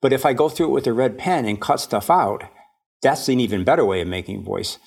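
A man's voice: medium pitch, expressive, fairly quick, creaky, a little mellow, breathy edge. A man, an author, chatting as a podcast guest in a reflective, self-deprecating way, laughing often. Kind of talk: casual interview chat.

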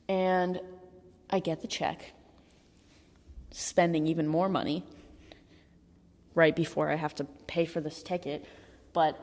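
Young woman, low-pitched, casual storytelling, lots of filler words, long reverb in the recording. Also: little pitch movement, unhurried, pauses often, a little mellow. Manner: candid, chatty, heavy use of filler "like", swears. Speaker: vlogger.

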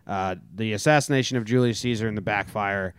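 Man, podcast host, casual banter, blunt and animated, clean resonant voice, dry studio sound. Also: fairly low pitch, brisk, clear, resonant tone, no room sound. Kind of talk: casual chat.

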